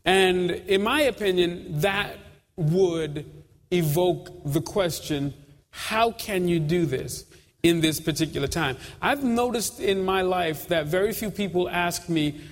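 A man preaching a sermon with steady, emphatic delivery and repeated phrases. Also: sits high, slow pace. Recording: long hall reverb.

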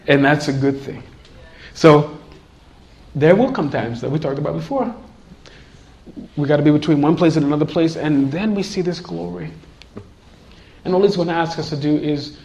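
A man preaching a sermon in an animated way, laughing often and acting out voices in his examples. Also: on the high side, a little hiss or hum.

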